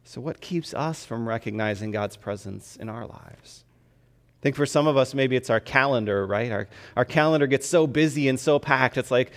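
A man preaching as a pastor, talking to the congregation in a conversational, animated way that keeps asking "right?" and laughing along. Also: medium pitch, normal speed. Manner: animated, with frequent restarts. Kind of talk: sermon.

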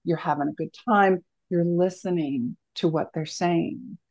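A woman counselor explaining ideas as a podcast guest, earnest and teacherly, often asking rhetorical questions. Her voice sits somewhat low. The audio is dull and lo-fi, like a remote connection. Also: fairly even intonation, a little slow, darkish tone.

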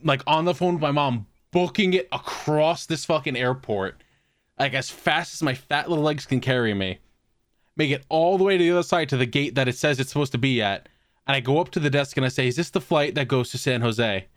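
A man's voice: fairly high pitch, brisk, no room sound, studio quality. A man telling a story on a podcast, laughing often and swearing as he goes. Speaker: podcast co-host. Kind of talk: casual storytelling chat.

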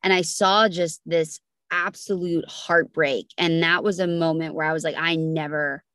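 A woman's voice: deep voice, fairly even intonation, normal speed, fairly bright tone, dry recording, clean studio sound. A young woman guest on a podcast, telling her story earnestly with many restarts and fillers. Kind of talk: emotional storytelling interview.

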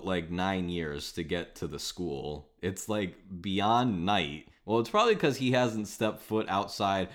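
A man with a somewhat low voice hosts a casual podcast. He talks in a wry, sarcastic way. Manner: wry, sarcastic movie critique. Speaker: podcast host. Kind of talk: casual chat.

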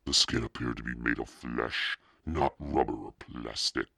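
A man giving a measured, dramatic audiobook narration. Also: rumbling low, steady tone, gravelly, bright, forceful tone, breathy edge, dry recording, clean studio sound.

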